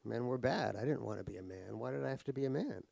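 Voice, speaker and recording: A middle-aged New York author speaks casually on stage in a cultural center event hall, wryly mocking himself and restarting often. His mid-range voice is animated and dark-toned with vocal fry, and he talks at a quick pace.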